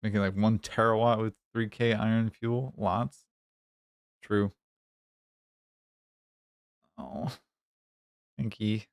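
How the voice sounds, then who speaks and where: Slow, low-voiced streamer guy swearing. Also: little pitch movement, no room sound. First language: not English. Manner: joking, swears freely, mock-apologetic. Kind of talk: casual live-stream chat while playing.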